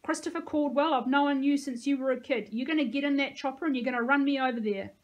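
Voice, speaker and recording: A stern, bossy woman officer who scolds and yells at everyone , as a woman reading a story voices her. Her voice sits high and pushes hard. It sounds like a storybook read aloud. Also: normal speed, lightly acted. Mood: scolding. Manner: scolding, yelling.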